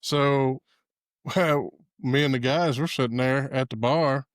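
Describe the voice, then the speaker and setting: A man's voice: medium pitch, slow, no room sound, clean studio sound. Laid-back man telling a story. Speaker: podcast host. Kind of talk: casual storytelling chat. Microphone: podcast microphone.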